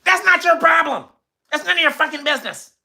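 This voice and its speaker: A man's voice: brisk, creaky, exaggerated voice. A man voicing an angry young woman who curses out a man who greeted her on the street. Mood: furious. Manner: shrill, shouted cursing.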